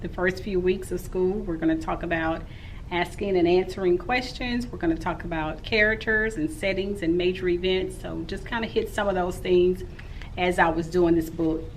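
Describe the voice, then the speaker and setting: A woman's voice: on the low side, steady tone, normal speed, slight background noise, low-quality recording. A woman in her forties, a teacher, recapping her day in a casual, rambling vlog. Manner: rambling and talkative.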